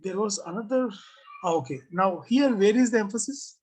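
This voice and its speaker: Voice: mid-range voice, moderate pace, darkish tone, breathy edge, poor audio. A design teacher giving an online class review, asking the class questions and reading out students' comments.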